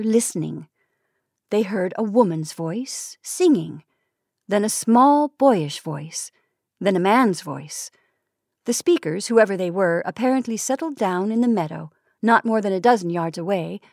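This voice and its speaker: A woman from the San Francisco Bay Area reading vintage short stories aloud in a measured storytelling manner, lightly voicing the dialogue. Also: medium pitch, a little mellow, no room sound, studio quality. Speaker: narrator.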